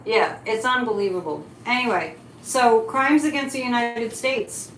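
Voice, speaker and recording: A woman on the high side of the pitch range, a bit bright and measured in pace, hosts a psychic livestream. She chats casually with animation and replies to chat comments on the fly. The recording has an echoey room and faint noise.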